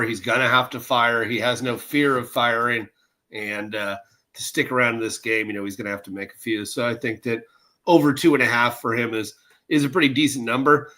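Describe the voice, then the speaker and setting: A man co-hosting a betting show, giving his picks in a relaxed, confident way with some filler words. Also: mid-range voice. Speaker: sports betting show co-host. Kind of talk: casual betting picks chat.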